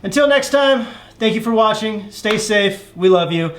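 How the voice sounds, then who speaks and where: A man's voice: high voice, expressive, normal speed, fairly bright tone, echoey room. A man hosting a casual comedy podcast, reacting dryly and then giving an upbeat sign-off. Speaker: podcast host.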